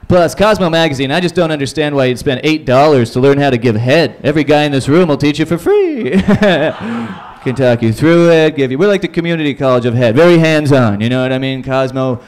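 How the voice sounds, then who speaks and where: A man's voice: on the high side, a little fast, a little mellow. A man from Canada performing a crude, rambling stand-up set in a small comedy club, slipping into silly voices for bits.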